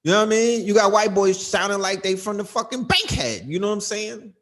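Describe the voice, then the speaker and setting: Male livestream host, slightly high voice, emphatic and profane casual rant. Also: lively intonation, a little fast, a bit bright. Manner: emphatic, profane, repeats "you know what I mean".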